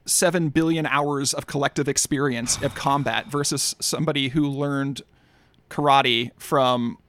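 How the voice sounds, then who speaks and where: A man co-hosting a comedy podcast, rambling and halting in loose banter and laughing often. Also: medium pitch, steady tone, fairly bright tone. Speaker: podcast co-host.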